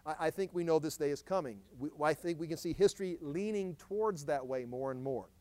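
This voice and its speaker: A man with a fairly high voice teaches a sermon verse by verse. He lifts his voice to read the scripture with emphasis, then drops into a casual, explaining tone full of small restarts. The recording is close and dry. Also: fairly quick, a little mellow, dry recording. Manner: reads scripture with rising emphasis, then explains in a lower, conversational tone. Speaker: pastor.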